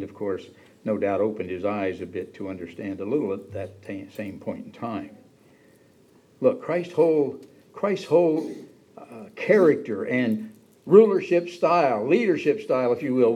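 A man's voice: medium pitch, measured pace, mellow. A man preaching a sermon in a conversational way, acting out the quoted lines with a raised voice. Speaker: pastor.

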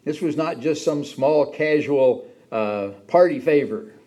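A man's voice: fairly high pitch, a little slow, dark tone. A man preaching a sermon in a conversational way, acting out the quoted lines with a raised voice. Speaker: pastor.

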